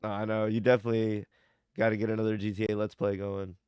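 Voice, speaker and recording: A man's voice: fairly low pitch, monotone, fast, a little mellow, clean tone, no echo. A young man chatting casually on a podcast, laid-back and rambling, swearing and saying "like" a lot. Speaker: podcast co-host. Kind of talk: casual chat.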